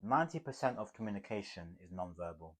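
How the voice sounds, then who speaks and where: A man teaching communication skills to camera in an emphatic, motivational way, swinging between loud bursts and hushed asides. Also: on the low side, very animated, quick pace. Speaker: communication coach.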